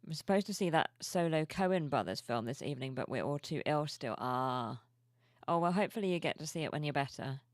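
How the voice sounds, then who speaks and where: A sleepy woman streamer chatting softly and cheerfully with her viewers at home, reading their messages aloud. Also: low voice, animated, a little fast, no room sound, clean studio sound. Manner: soft-spoken, cheerful, reads chat aloud. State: sleepy, yawning. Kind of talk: casual live-stream chat. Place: home room with plushies.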